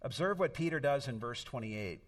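Middle-aged male pastor, earnest storytelling sermon, medium pitch, recorded from a distance. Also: expressive, normal speed.

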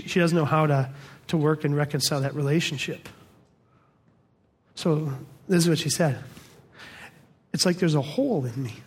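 Husky-voiced pastor telling a story. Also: male voice, on the high side. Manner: storytelling, animated quoted voices, laughing audience. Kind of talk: sermon.

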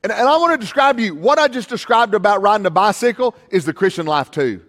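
A man gives a sermon from a church pulpit, his voice sitting fairly high for a man. He tells stories in a loose, conversational way, often repeating a word before his sentences get going, then slows and lifts his voice when reading scripture. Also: animated, a bit bright, long reverb tail. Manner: storytelling, repeats words when starting a sentence. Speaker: pastor.

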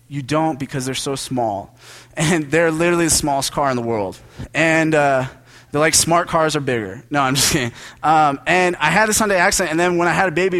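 Young pastor, casual and joking. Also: male voice, fairly high pitch. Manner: conversational, joking, animated storytelling with laughs. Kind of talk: sermon.

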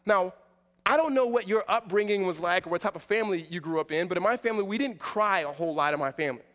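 A man in his forties delivers a sermon in a high, light voice, talking casually with lots of fillers and restarts. He swings from loud emphatic lines to quiet asides, and the long reverb of a church hall trails each phrase. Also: quick pace. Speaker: pastor.

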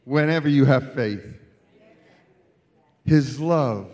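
A man preaching as a guest speaker at a church celebration, moving from quiet storytelling to loud calls to the congregation. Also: a little high, expressive, measured pace. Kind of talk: sermon.

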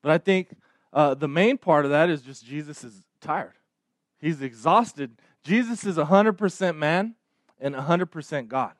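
A man's voice: a little high, unhurried, no echo, studio quality. A man preaching a sermon in a conversational way, often restarting words and checking in with his listeners. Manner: conversational, frequent stammered restarts and "right?" tags. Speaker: pastor.

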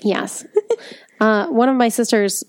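A woman with a suburban Chicago accent, co-hosting a chatty podcast, speaking with crisp, precise enunciation and expressive inflection. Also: a little high, takes it slowly, dry recording, clean studio sound. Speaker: podcast co-host. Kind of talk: casual chat.

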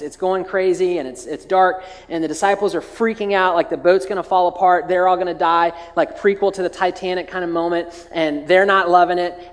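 A man preaching as a pastor, retelling a scripture story in a chatty, humorous way with lots of filler words and restarts. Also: on the high side. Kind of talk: casual humorous sermon storytelling. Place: large church hall. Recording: long hall reverb.

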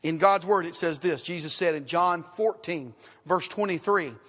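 A man preaching a sermon in a church, emphatic, repeating his phrases and asking rhetorical questions, swinging from loud to hushed. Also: a little high, moderate pace, big-room sound. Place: church sanctuary.

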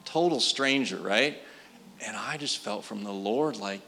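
An earnest man in his thirties preaching to a church, slipping into easy storytelling with lots of "uh" and "like". His voice sits a little low yet rings bright and forward. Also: a little slow, vocal fry, slight background noise. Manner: earnest, conversational with frequent fillers. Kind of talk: sermon storytelling.

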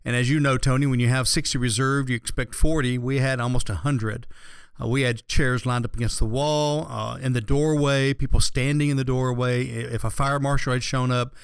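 A man's voice: medium pitch, steady tone, brisk, vocal fry, clean tone, no room sound, clean studio sound. A man hosting a financial radio talk show, chatting casually and rambling with lots of fillers and restarts.

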